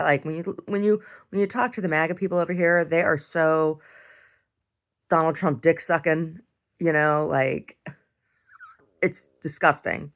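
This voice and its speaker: A woman's voice: deep voice, unhurried, long pauses. A woman talking casually in a video diary, rambling and often repeating words and restarting sentences. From United States. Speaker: video diarist.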